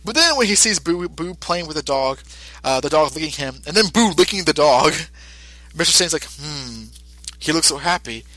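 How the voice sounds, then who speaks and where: A man's voice: a little high, animated, moderate pace, bright, forceful tone, no echo, rough recording. A male podcast host casually recapping an episode, rambling with lots of fillers.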